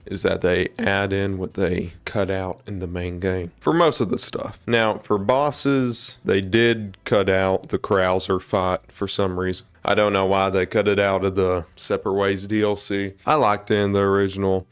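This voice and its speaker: A man talking through a video game in an informal video essay, chatty and joking. His voice sits on the low side and comes across smooth and resonant. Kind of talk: casual game commentary.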